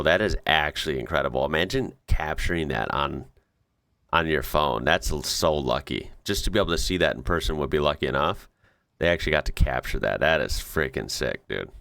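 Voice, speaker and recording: A man hosting a casual reaction video, excitable and slangy, laughing often as he comments on clips. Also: low-pitched, no room sound, clean studio sound.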